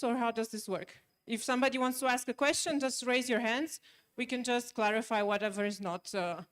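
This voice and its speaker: A young woman from Germany, giving a conference talk in a large hall, friendly and hesitant with many fillers and restarts. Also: fairly high pitch. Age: young adult. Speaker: conference speaker. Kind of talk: conference presentation.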